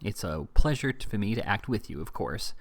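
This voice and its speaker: A man's voice: lowish voice, big pitch swings, brisk, no echo. A man reading aloud as a crude schoolmaster who talks evasively and pleadingly. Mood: uneasy. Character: crude, uneasy male schoolmaster.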